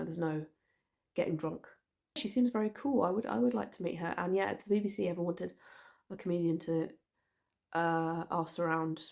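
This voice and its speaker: A woman's voice: lowish voice, gravelly, a little mellow. A young Scottish woman with a light Edinburgh accent, sounding almost English, chatting casually through viewer questions with many fillers and restarts. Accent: light Edinburgh Scottish, close to English. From Scotland. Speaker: comedian answering viewer questions. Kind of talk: casual Q&A chat.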